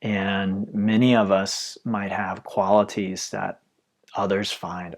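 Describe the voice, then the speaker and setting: A man giving a calm, reflective dharma talk as a yoga teacher, his phrases often trailing off softly. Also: fairly low pitch, slow.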